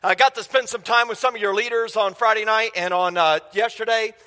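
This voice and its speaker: A man's voice: sits high, fairly even intonation, a little fast, bright, forceful tone. A man preaching a sermon as a guest speaker in a church, enthusiastic and conversational, often asking the congregation questions. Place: church sanctuary. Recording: long church hall reverb.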